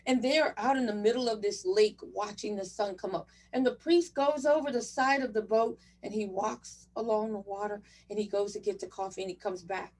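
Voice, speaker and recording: A woman's voice: mid-range voice, a little fast, few pauses, a little mellow, far from the mic. Encouraging woman giving a leadership talk. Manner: direct, encouraging, addresses audience as "you guys". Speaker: conference speaker for chief residents. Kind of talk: motivational conference talk. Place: virtual conference session.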